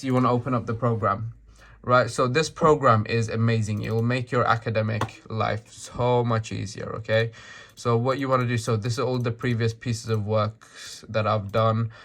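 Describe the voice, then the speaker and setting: Slightly hoarse man, low and rambling. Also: fairly bright tone. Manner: rambling, full of fillers and restarts, tags "right?". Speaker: tutorial maker. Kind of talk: casual screen-share tutorial.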